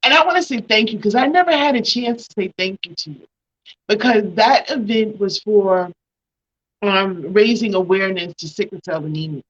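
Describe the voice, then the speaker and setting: A woman's voice: mid-range voice, normal speed, husky, muffled recording. A woman hosting a talk show, speaking at length and with feeling as she thanks her guest. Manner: emotional, grateful, talks at length. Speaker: host.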